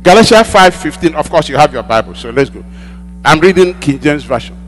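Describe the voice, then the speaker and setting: High-voiced preacher in a reverberant hall. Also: male voice, lively intonation, brisk, fairly bright tone, faint music behind. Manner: call-and-response preaching, repeating lines for emphasis. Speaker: pastor. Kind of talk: sermon. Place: church hall. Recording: long hall reverb with mains hum.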